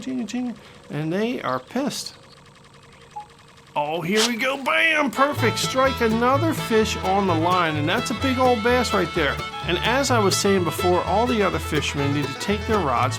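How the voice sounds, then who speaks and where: Joking guy doing game commentary, gravelly voice, guitar music playing underneath. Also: high-pitched. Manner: excitable, joking, trash-talking. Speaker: gaming channel host.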